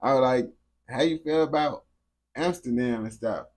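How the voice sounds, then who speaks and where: A young man talks with a game character in a loose, slang-filled way, repeating himself as he goes. His voice sits in an ordinary middle pitch. He drops into low mutters, then jumps up into loud, excited yelling. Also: moderate pace. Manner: slangy, repetitive, swings between mumbling and excited yelling. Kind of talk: casual chat with a game character.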